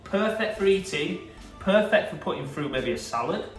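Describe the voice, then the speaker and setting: A man's voice: sits high, expressive, moderate pace, distant mic. Man, Yorkshire accent, enthusiastic produce seller, casual demo, echoey room, faint music behind. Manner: enthusiastic, gushing about produce.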